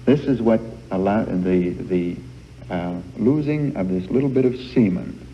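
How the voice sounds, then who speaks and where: Guy lecturing a group, folksy and hesitant, kinda low voice, dull hissy old reel tape. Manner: folksy, halting with many uh fillers. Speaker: family life lecturer. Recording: old worn reel-to-reel hall recording, muffled.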